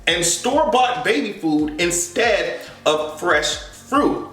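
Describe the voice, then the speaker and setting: A man giving sassy, animated pop culture commentary, swearing freely and laughing often. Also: high-pitched, slow, faint music behind. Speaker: vlogger. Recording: echoey room, mic at a distance.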